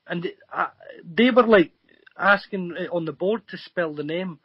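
On a dry, muffled recording, a high-pitched, husky man speaks at normal speed. Appearing remotely on radio as a guest psychic medium, he earnestly rambles through a long story, stumbling over ums and starting over often.

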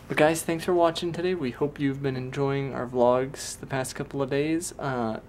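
A relaxed man talks casually for a daily family vlog, laughing easily between remarks. His voice sits at an ordinary middle pitch. A faint background noise runs under the recording. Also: a little slow. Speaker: vlog host, new father. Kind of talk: casual home vlog chat.

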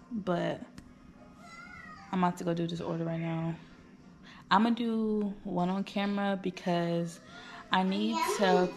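A woman's voice: on the low side, creaky. A woman in her twenties chatting casually to camera as a small-business vlogger, repeating herself and talking straight to her viewers. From United States. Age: 20s.

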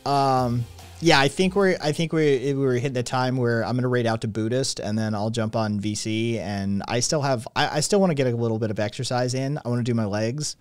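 A man's voice: mid-range voice, a little fast, clean tone, dry recording, clean studio sound, soft background music. A man streaming live, chatting casually with viewers in a rambling, sarcastic way, with lots of swearing and filler words.

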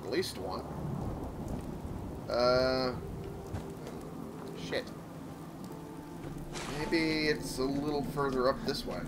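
A man's voice: mid-range voice, drawn-out words, pauses often, background noise. A man giving casual gameplay commentary, muttering to himself, swearing often, and making fun of himself.

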